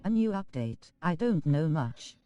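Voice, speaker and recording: A male text-to-speech voice reading out viewer chat messages, including emoji names, in a flat synthetic way. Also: a little high, unhurried, muffled recording, slight background noise.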